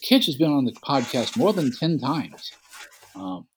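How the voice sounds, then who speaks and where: A man co-hosting a casual podcast from his apartment, rambling gently with restarts and joking asides. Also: mid-range voice, big pitch swings, measured pace, a little hiss or hum. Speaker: podcast co-host. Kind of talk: casual chat. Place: apartment at home.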